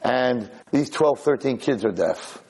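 A man's voice: mid-range voice, animated, takes it slowly, a little mellow, a little hiss or hum, low-quality recording. A man teaching a sermon on the weekly Torah portion, telling the story animatedly and mixing in Hebrew terms. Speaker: rabbi lecturer.

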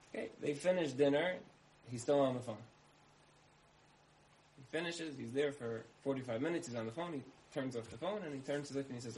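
A man's voice: medium pitch, animated, quick pace, darkish tone, a little hiss or hum, low-quality recording. A man giving a talk, telling parables in a conversational way, repeating phrases and asking his listeners questions. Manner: conversational, uses repetition and asks listeners questions. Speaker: speaker.

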